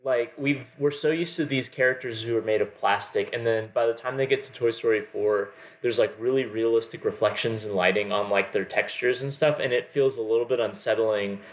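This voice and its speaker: A man's voice: mid-range voice, fairly quick, few pauses. Man rambling with constant "like". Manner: rambling and analytical, full of "like". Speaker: podcast co-host. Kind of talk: casual film discussion.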